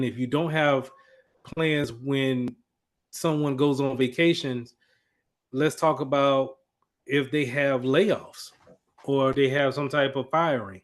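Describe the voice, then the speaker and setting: A man teaching an IT class in a casual, conversational lecture, with frequent fillers and restarts as he explains. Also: mid-range voice. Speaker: IT instructor.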